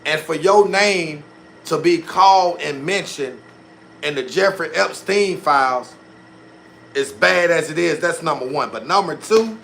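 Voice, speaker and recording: A young man runs his own live stream, his voice pitched a little high and sounding bright and forceful. He talks in loose, slangy, repetitive bursts, hyping the chat and thanking viewers for gifts. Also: measured pace, gravelly, a little hiss or hum. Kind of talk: casual live-stream commentary.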